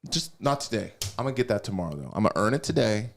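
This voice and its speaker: A man's voice: fairly low pitch, very animated, very fast, vocal fry, a little hiss or hum. A man hosting a podcast, chatting casually and rambling through his thoughts with many restarts. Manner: rambling, restarts often, laughs easily. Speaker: podcast host. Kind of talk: casual chat.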